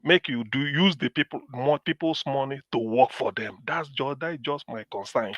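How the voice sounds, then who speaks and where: A man's voice: medium pitch, moderate pace, fairly bright tone, no room sound, studio quality. A man from Anambra with a Nigerian accent, debating politics in an emphatic way and repeating himself to drive his points home. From Nigeria, Anambra State. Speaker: political commentator. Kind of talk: casual political debate in Nigerian Pidgin and English.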